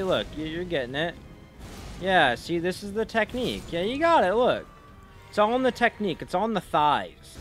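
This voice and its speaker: A young man giving profane, frustrated commentary while playing a game, trash-talking bosses. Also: a little high. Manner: swearing, frustrated outbursts, mocking trash talk. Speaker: gaming streamer.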